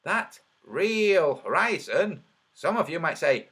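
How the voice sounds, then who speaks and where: A man making online videos, talking over his screen and counting out loud as he argues his point, his voice a little trembly. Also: fairly high pitch, very animated, slow pace, slightly rough. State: slightly trembly voice. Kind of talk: screen-share commentary.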